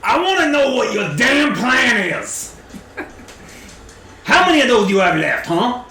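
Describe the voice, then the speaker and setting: A gruff adventurer who taunts and shouts down his enemy, as a player puts him on. The voice is high and swings widely in pitch. The room is echoey with background noise. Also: big pitch swings, slow pace, exaggerated voice. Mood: taunting.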